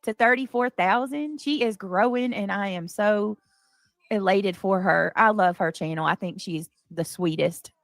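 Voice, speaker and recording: A woman's voice: mid-range voice, a little slow, no echo. A woman hosting a casual livestream, chatting effusively and greeting viewers from the comments.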